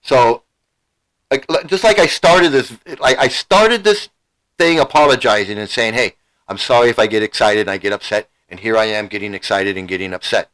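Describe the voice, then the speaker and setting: A man's voice: lowish voice, normal speed, a bit bright, poor audio. A middle-aged man hosting a livestream, ranting heatedly and emotionally, repeating himself and swearing. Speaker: channel host. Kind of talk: angry livestream rant.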